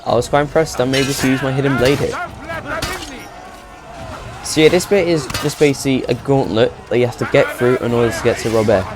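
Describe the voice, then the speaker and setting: A man's voice: medium pitch, brisk. A man giving chatty, rambling let's play commentary and laughing at himself. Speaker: gaming video host. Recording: game music playing behind.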